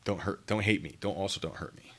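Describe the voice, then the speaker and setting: A man's voice: sits low, steady tone, quick pace, noisy background. A man chatting casually with his stream viewers while packing care kits, joking and teasing himself. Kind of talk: casual live-stream chat.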